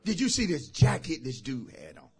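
A man preaching a sermon as pastor. He drives his points with shouted phrases and repeated calls to the congregation. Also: mid-range voice, huge pitch swings, normal speed, husky. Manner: emphatic call-and-response preaching, shouting key phrases. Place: church service.

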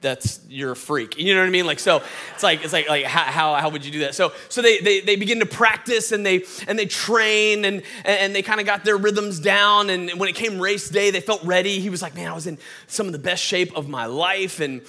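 A guest pastor from Atlanta, Georgia, speaks with a Southern accent in a high, bright, forceful voice, fairly quick and steady in tone. His sermon is folksy and conversational, full of fillers and restarts.

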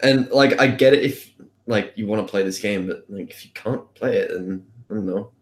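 A man with a very low voice co-hosting a podcast. He speaks dryly and chats casually about games. His mic picks up a roomy echo. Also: normal speed. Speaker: podcast co-host. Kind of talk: casual game discussion.

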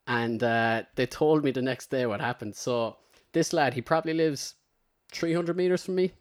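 A man's voice: mid-range voice, normal speed. Irish man telling a rambling story. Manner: rambling storyteller, slips into character quotes. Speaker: podcast host. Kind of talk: casual anecdote telling.

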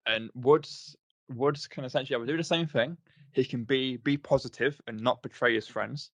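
A man's voice: medium pitch, moderate pace, fairly bright tone, no room sound. A man co-hosting a podcast in casual chat, recounting things hesitantly with many fillers. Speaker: podcast co-host.

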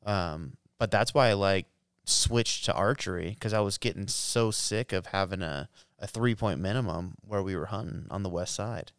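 Guy in his 30s spinning a hunting yarn, lowish smooth voice, dry close mic. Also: normal speed, hardly any pauses, no room sound. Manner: animated storyteller, laughs often, swears casually. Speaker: podcast co-host. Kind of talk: casual chat.

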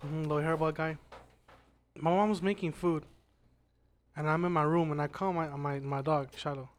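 A man's voice: a little high, fairly even intonation, moderate pace. A man who is a guest on a casual podcast, telling a ghost story and stumbling over and repeating his words. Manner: stammers and repeats words, checks in with "right?".

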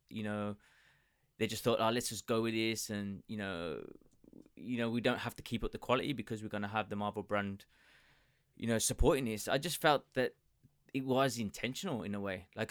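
Man calmly defending a show. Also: medium pitch, dry recording, studio quality. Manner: measured, hedging, many "you know"s. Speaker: podcast co-host. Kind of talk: casual round-table discussion.

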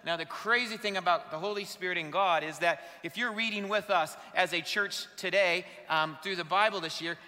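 A man's voice: sits high, normal speed, few pauses, pushed and bright. A pastor, a man, preaching a sermon to his congregation in a conversational way, asking them questions. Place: church sanctuary. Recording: reverberant church hall.

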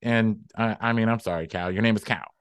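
A man's voice: lowish voice, a little fast, clean tone, dry recording. A man performing improv comedy as a flustered, incredulous farmer.

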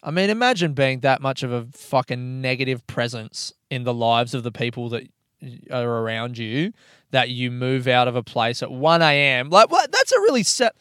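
Young male comedian, casual storyteller, smooth tone, dry close sound. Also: mid-range voice, moderate pace, a bit bright, no room sound. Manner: rambling, swearing, wry. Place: parked hire car by a road.

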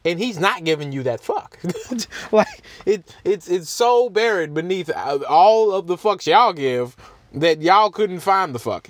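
Animated, laughing young man podcast host. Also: on the high side. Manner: animated, laughs often, profane, mocking. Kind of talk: casual solo podcast rant.

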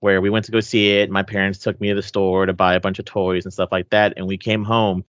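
A man's voice: low voice, level tone, fast, dry recording. A man from Texas co-hosting a movie podcast, telling rambling stories in casual chat. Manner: rambling, self-correcting storyteller. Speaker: podcast co-host. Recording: muffled lo-fi mic.

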